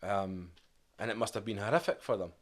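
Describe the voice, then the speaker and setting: Scottish man, low voice, candid storytelling. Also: brisk. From Scotland. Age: 30s. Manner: candid, reflective, quotes his past self and family. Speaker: podcast guest. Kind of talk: casual storytelling interview.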